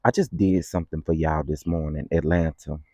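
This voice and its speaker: A man's voice: a bass voice, fairly even intonation, fairly quick, dark tone, dry recording. Playful man hosting a morning livestream. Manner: playful, chatty, sing-song greetings. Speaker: livestream host. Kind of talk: casual livestream chat greeting viewers. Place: outdoors in the morning.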